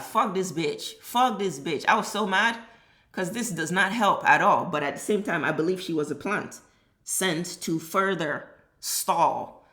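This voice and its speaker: A woman's voice: fairly low pitch, fairly bright tone. A woman giving a heated, exasperated reaction commentary, cursing freely as she vents. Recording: roomy echo.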